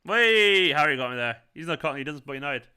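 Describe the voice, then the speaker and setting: Mancunian male stream host, bright clear tone, loose and chatty with his viewers. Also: mid-range voice, steady tone, very fast. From England. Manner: chatty, rambling, reads out chat comments. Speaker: fan channel host. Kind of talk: casual live watchalong chat. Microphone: earphones with mic.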